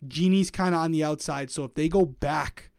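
A man's voice: on the high side, moderate pace, darkish tone, no echo, clean studio sound. A man co-hosting a podcast, chatting casually and thinking aloud with plenty of hedges. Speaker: podcast co-host. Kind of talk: casual recap chat.

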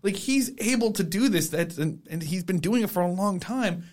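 Lively, jokey podcast co-host. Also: mid-range voice. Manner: animated, jokey, quick to pile on bits. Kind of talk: casual chat.

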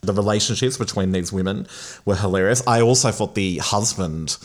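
A man from Australia, hosting a casual film review chat with relaxed, hesitant restarts. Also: on the low side, a little fast.

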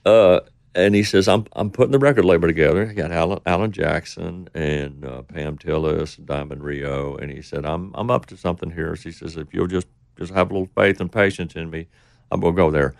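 A man's voice: deep voice, a little fast, gravelly, no room sound, clean studio sound. A middle-aged man telling a rambling story in casual talk, acting out the voices of the people he quotes. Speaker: interview guest.

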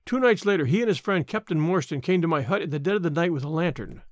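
Casting: male audiobook narrator, expressive first-person telling, high and animated. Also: fast talker, no room sound, clean studio sound.

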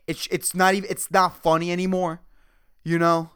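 A man's voice: sits high, level tone, normal speed, fairly bright tone, clean tone. A man hosting a solo podcast, ranting sarcastically with lots of swearing and laughing at his own jokes. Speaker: podcast host.

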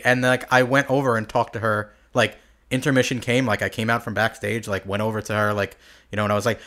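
Bright-voiced man telling a story. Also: medium pitch, brisk. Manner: animated storyteller, acts out quotes. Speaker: podcast co-host. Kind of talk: casual chat, anecdote.

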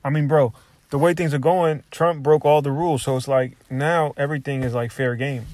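A man's voice: fairly high pitch, steady tone, normal speed, a little mellow, no room sound. A young adult man, a comedian hosting a podcast, bantering loosely, swearing freely and often restarting his sentences.

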